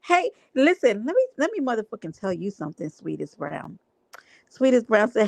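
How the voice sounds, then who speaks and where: A woman's voice: a little high, big pitch swings, moderate pace, gravelly, darkish tone, no room sound. Brash, playful woman chatting to her livestream. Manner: brash, playful, talks to chat with profanity. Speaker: livestream host. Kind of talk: casual livestream chat.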